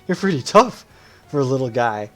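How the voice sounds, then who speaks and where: A man's voice: medium pitch, very animated, moderate pace, faint music behind, natural voice. A man putting on a brash strongman adventurer. His delivery stays blunt and teasing, close to the reader's own voice, as he reads game dialogue aloud. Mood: hearty.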